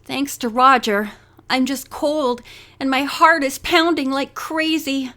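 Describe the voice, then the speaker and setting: A woman's voice: high voice, fairly even intonation, slow, sharp tone, exaggerated voice. A woman voicing a shivering, frightened young model. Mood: shaken. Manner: sputtering, shaky, pleading. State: shivering and cold. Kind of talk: audiobook character voice.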